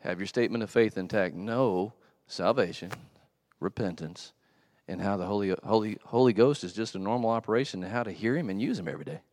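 A man's voice: fairly low pitch, a little fast, no room sound, clean studio sound. A man preaching a casual, slangy sermon in a church. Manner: animated storytelling, slangy, with acted asides. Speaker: pastor.

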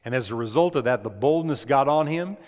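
A man's voice: mid-range voice, animated, brisk, darkish tone, long reverb tail. A man preaching a sermon to a congregation, emphatic, putting questions to the listeners. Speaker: pastor.

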